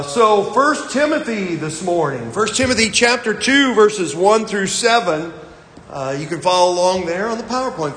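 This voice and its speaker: A man's voice: sits high, a bit bright. A male pastor delivering a sermon in a church, reading scripture and telling folksy, self-deprecating stories with frequent fillers. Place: church sanctuary. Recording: long hall reverb.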